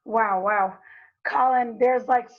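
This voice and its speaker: A woman's voice: a little high, fairly even intonation, slow. A woman hosting an interview, mostly giving short affirming replies. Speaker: podcast host. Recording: dull lo-fi audio.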